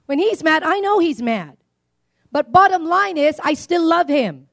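A married woman preaching a sermon to a congregation, calling for amens, swinging between loud declarations and quiet asides. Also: extremely high pitch, lively intonation, measured pace, vocal fry. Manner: call-and-response preaching, asking for amens.

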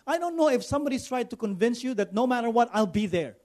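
Speaking at an extremely high pitch, this pastor preaches briskly and animatedly, hardly pausing at all. His sermon builds through emphatic, rising repetition of phrases, and he calls on the congregation to respond.

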